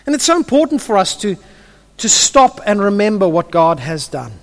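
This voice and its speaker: A man's voice: sits high, sing-song, moderate pace, a bit bright. A man preaching a sermon, telling the stories vividly and often repeating his first words as he restarts. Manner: stammering restarts, vivid storytelling. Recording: long hall reverb.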